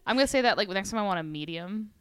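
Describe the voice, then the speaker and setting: A young woman co-hosting a casual podcast, giggly and quick to react. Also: mid-range voice, animated, clean tone, no room sound, clean studio sound. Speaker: podcast co-host. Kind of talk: casual chat.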